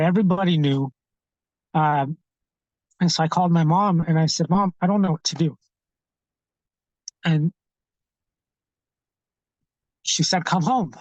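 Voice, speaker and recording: Halting, higher-voiced man telling his story. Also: no echo, low-quality recording. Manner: halting and candid, with frequent restarts and fillers. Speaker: podcast guest. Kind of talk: personal storytelling.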